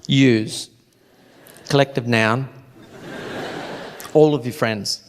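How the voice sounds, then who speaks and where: A man's voice: medium pitch, drawn-out words, noisy background. An Australian man doing a stand-up comedy routine, telling a brash, profane story and acting out what people said. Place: live comedy venue. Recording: echoey venue with audience laughter. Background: audience laughing.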